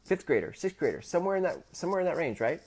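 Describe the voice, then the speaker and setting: A man in his thirties, a podcast host, telling a personal story in a halting way, with many restarts and rising emotion. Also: fairly high pitch, very animated, husky. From Pacific Northwest of the US. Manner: halting, many restarts, gets loud and emotional when retelling.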